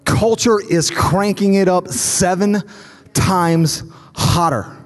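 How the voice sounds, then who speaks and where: High-voiced man preaching in a hall. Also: steady tone, slow pace, faint music behind. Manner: preaching with rising, fervent repetition; storytelling, acting out dialogue. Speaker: pastor. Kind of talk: sermon. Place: large church auditorium. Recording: long reverb of a large hall.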